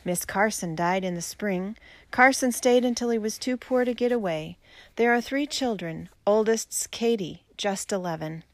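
A woman voicing a proud frontier man who speaks with a blunt, drawling, forceful manner. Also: medium pitch, normal speed, no room sound, close to an everyday voice. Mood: defiant. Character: stubborn frontier man defending his land, proud.

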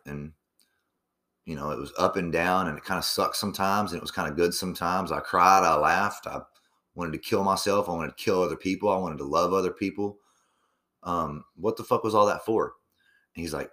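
A young man with a very deep voice talks in a meandering, casual monologue. He swears freely and keeps circling back with ums and restarts. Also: fairly quick, pushed and bright. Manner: profane, meandering, lots of fillers and restarts.

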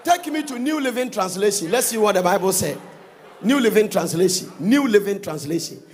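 A man preaching a sermon, reading Bible verses aloud and breaking into fervent, sing-song shouts. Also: high voice, expressive, brisk, a little hiss or hum.

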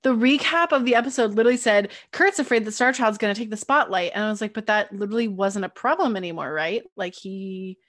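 A woman's voice: medium pitch, fast talker, few pauses, fairly bright tone. A woman co-hosting a podcast in casual chat, blunt and sarcastic, swearing freely. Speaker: podcast co-host.

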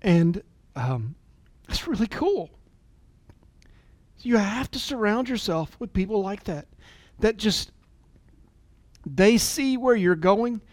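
A man in his forties giving an earnest, emotional motivational talk, at times dropping to a soft near-whisper. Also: sits high, sing-song, takes it slowly, pauses often, no room sound. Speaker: business leader and motivational speaker.

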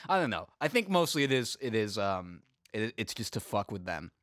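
A man's voice: lowish voice, sing-song, moderate pace, fairly bright tone, dry recording. A man co-hosting a casual discussion with dry, sardonic humor. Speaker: podcast co-host.

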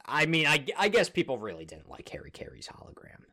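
A male podcast co-host with a lively, bouncing pitch, chatting casually about baseball. He jokes and laughs easily as he teases his partner. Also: a little fast. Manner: joking, laughs often. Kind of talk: casual sports chat.

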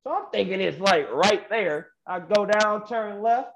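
A man's voice: high voice, measured pace, creaky, fairly bright tone. A young adult man, a guest wrestler, telling a story in a laid-back, slangy way and laughing often, on a muffled lo-fi recording. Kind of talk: casual storytelling interview. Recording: muffled lo-fi audio with faint noise.

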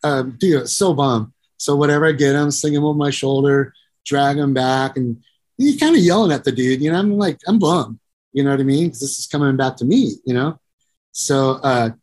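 Speaking in a fairly high, darkish voice, a middle-aged musician and producer rambles through long, profane stories during a casual storytelling interview. He acts out the characters' voices and says "you know" over and over.

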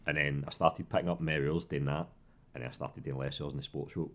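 A man's voice: rumbling low, fairly even intonation, brisk, fairly bright tone. A man with a Glaswegian accent, chatting as a guest and telling stories animatedly, swearing and laughing often. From Glasgow, Scotland. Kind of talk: casual chat.

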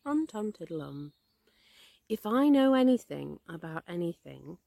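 Winnie the Pooh, lively woman-voiced bear. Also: fairly low pitch, measured pace, vocal fry, dry recording, clean studio sound, exaggerated voice. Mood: eager. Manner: earnest, hopeful, polite. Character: friendly, hungry, simple-minded male bear.

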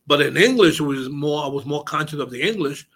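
Male radio host, Spanish his first language, bright voice, hesitant with many restarts. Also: fairly high pitch, lively intonation, fairly quick, slightly rough. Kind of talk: casual radio conversation.

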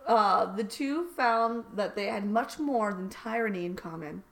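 A woman reading a raunchy satirical story aloud with dry, deadpan delivery. Her pitch sits in a mid range. She banters casually between passages of the comic read-aloud. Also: measured pace. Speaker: podcast co-host reading fan fiction aloud.

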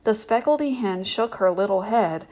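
A woman hosting a bedtime story reading, narrating in a gentle, measured way. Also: mid-range voice, lively intonation.

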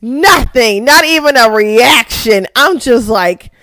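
A young woman hosting a casual recap show, excitable, laughing often and swearing freely. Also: fairly high pitch, takes it slowly. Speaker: podcast host.

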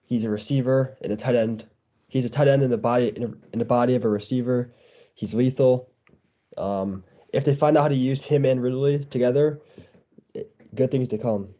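A man's voice: mid-range voice, normal speed, warm tone, highs cut off. A man who is a guest on a casual sports podcast, speaking in short, plain statements.

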